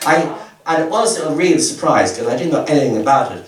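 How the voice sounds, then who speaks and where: Doing a stand-up set at a comedy club, a man in his 70s talks quickly in a fairly high voice with lively intonation. He rambles and stammers, tossing in self-deprecating asides. Audience laughter fills the roomy live recording, which is taken from far off.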